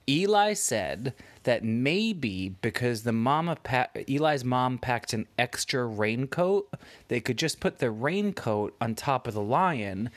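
Dad-style bedtime storyteller, man, unhurried, very expressive melody. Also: medium pitch. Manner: slow, animated, playful voices. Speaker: parent telling a bedtime story.

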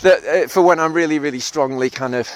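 A man's voice: on the high side, brisk, no room sound. A man hosting a solo podcast, reflecting in a thoughtful, self-deprecating way with fillers and frequent laughs. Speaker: podcast host and therapist.

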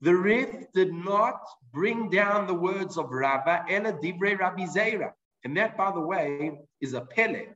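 High-voiced man teaching Talmud. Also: expressive, measured pace, fairly bright tone, dull audio. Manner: reads Hebrew and Aramaic phrases, then explains them in English. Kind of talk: explanatory Talmud class.

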